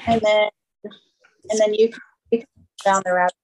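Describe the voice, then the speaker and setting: A woman's voice: mid-range voice, steady tone, moderate pace, a little mellow, low-quality recording. A woman guesting on a film podcast, talking casually with hesitant ums. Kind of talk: casual chat.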